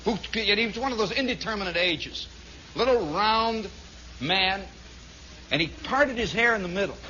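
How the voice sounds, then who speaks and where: A man's voice: sits high, expressive, moderate pace, pushed and bright, slight background noise. A man from Indiana telling a long, rambling story on his radio show, full of asides. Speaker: radio host. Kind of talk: storytelling monologue. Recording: dull lo-fi 1960s radio broadcast.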